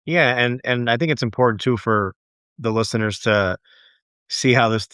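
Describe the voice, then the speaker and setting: Podcast host, man, mid-pitched, smooth voice, earnest and reflective, dry sound. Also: normal speed, pushed and bright, no room sound. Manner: earnest, reflective, repeats words as he thinks. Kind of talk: conversational interview.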